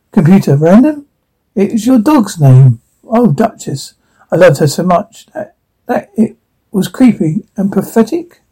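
Husky reader of a comedy script. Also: medium pitch, rough recording. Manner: flat read-through with slips and restarts. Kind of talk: reading a comedy script aloud, all parts.

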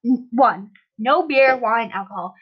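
Young woman, high voice, reads reviews aloud on a lo-fi podcast. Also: a little slow, husky. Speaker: podcast co-host. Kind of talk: casual chat, reading reviews aloud. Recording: dull lo-fi sound.

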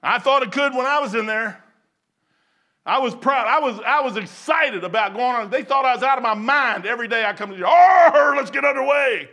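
Excitable, bright-voiced older man preaching. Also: very high voice, brisk. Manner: folksy, excitable, preaching with sudden loud outbursts. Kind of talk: informal sermon.

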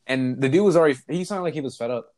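A man's voice: mid-range voice, racing, no room sound. A young man telling a funny story in a casual chat, acting out the voices of the people in it and laughing along. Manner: animated, laughs while telling stories, acts out voices.

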